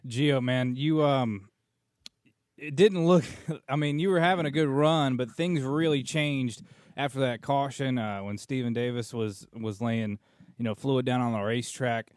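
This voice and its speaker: A man's voice: mid-range voice, unhurried, darkish tone, no room sound. A man co-hosts a morning radio show with a mid-range voice. He asks rambling questions and jokes with his guest. The sound is dry and close. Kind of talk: casual radio interview.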